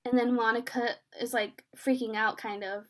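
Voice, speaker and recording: A young woman with a high, light voice talks through a TV episode with a friend. She acts out each character's lines as she goes. Her speech is loose and chatty, with plenty of fillers. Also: moderate pace. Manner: excited, filler-heavy retelling, acts out the scenes in quoted voices. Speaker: podcast co-host recapping a TV episode. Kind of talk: casual chat.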